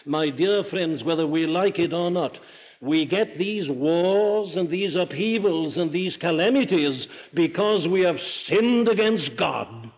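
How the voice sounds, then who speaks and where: A man's voice: fairly high pitch, animated, takes it slowly. An older man from Wales with a Welsh accent, preaching an emphatic sermon full of rhetorical questions. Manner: emphatic, rhetorical questions, rising to forceful declarations. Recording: dull lo-fi archival sermon recording.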